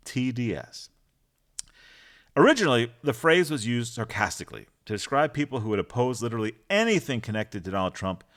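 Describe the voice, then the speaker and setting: A man hosts a solo political commentary show. His pitch swings widely as he argues, and he hammers home his points with rhetorical questions and punchy lists. His voice sits in a middle register.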